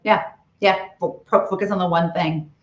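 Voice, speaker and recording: A woman's voice: lowish voice, fairly even intonation, moderate pace. A middle-aged woman, an author and CEO, giving emphatic coaching advice as an interview guest. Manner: emphatic, coaching tone with rhetorical questions. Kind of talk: interview on leadership. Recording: roomy, dull lo-fi video call audio.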